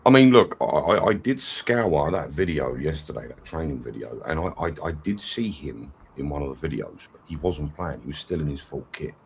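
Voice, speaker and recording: A man appearing as a guest on a football fan livestream, talking in an animated, fired-up ranting manner. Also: extremely low pitch, normal speed, gravelly, few pauses, a little hiss or hum. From England. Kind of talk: casual chat.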